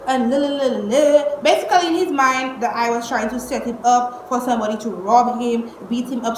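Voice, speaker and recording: A young woman, telling a storytime vlog at home in an exasperated, animated way, cursing and using slang. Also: a little high, a little fast, few pauses. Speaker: vlogger. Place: indoors at home. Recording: echoey room with faint noise.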